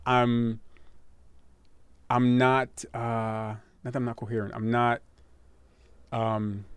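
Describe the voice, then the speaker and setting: Man, casual couple chat, mid-pitched, rambling and repetitive, dry sound. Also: level tone, takes it slowly, smooth, no echo. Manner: rambling, repeats words, laughs often.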